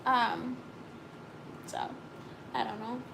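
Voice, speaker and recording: A woman's voice: on the high side, level tone, drawn-out words, vocal fry, noisy background. A young woman co-hosting a casual live stream, chatting sleepily and reading viewer comments aloud.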